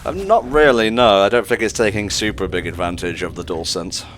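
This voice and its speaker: A man's voice: fairly low pitch, fairly quick, fairly bright tone, a little hiss or hum. A young man playing a video game and chatting casually, with dry, jokey asides. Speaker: gamer playing through the game. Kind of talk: casual let's play commentary.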